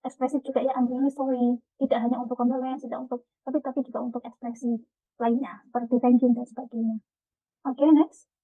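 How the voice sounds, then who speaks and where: Woman lecturer, Indonesian accent, fairly high voice, dry and phone-thin call audio. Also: little pitch movement, fast, no room sound. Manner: explanatory, many fillers and restarts. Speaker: university lecturer. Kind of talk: online lecture mixing Indonesian and English. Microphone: video call. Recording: tinny, phone-like video call.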